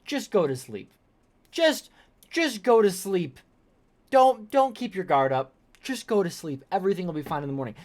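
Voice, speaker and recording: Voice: medium pitch, sing-song, moderate pace, close to an everyday voice. A commentator putting on the voice of a pushy, oblivious creepy man in a sing-song, mocking parody. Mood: mock-soothing. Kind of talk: sarcastic commentary reading.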